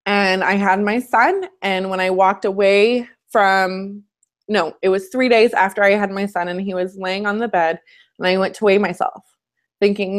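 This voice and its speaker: A woman's voice: medium pitch, fairly even intonation, moderate pace. A woman coach hosting a casual live stream from home, chatty and candid as she shares her personal story.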